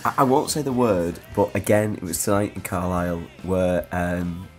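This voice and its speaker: A man's voice: sits low, steady tone, normal speed, faint music behind. A man, a band member telling a funny story in casual podcast chat. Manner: laughing, storytelling.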